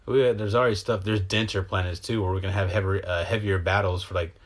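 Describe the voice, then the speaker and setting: A man with a somewhat low voice talks in a casual, meandering monologue. He drifts from thought to thought, swearing freely and speaking with open emotion. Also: fairly even intonation, fast. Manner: meandering, profane, emotional stream of consciousness. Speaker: host. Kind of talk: rambling spiritual monologue.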